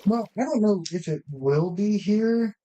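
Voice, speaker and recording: Let's-play host chatting to viewers while playing, rambly, keeps restarting sentences, mid pitch. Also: animated, measured pace, dark tone, rough recording. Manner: rambling, thinks aloud with many restarts; talks straight to viewers. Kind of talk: casual gameplay commentary.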